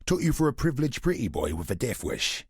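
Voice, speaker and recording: Streetwise gambler, game voice line, husky, lively swings in pitch. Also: male voice, quick pace, no echo, studio quality. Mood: sardonic. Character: gruff streetwise male gambler, sardonic. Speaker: game character. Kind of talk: video game voice lines.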